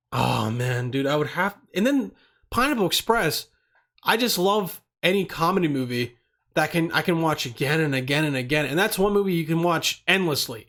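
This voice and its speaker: A man's voice: fairly high pitch, fairly bright tone. A young man hosting a podcast on his own, rambling in loose, profane casual talk full of slang. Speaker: podcast host.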